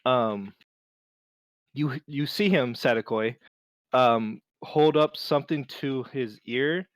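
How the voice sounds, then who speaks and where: A man running a tabletop game as game master, narrating with many pauses and restarts. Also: medium pitch, dry recording. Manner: halting, many fillers and restarts.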